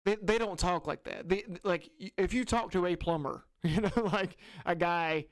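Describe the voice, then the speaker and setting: A man co-hosting a casual podcast chat, talking in a halting way with stumbling restarts. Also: high voice, no echo, studio quality. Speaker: podcast co-host.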